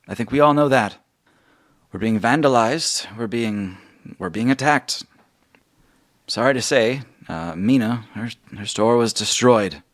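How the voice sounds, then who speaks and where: Earnest, pleading woman guild chief in a tabletop game; man doing the voice, lifted higher than his own. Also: unhurried, close to an everyday voice. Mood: urgent.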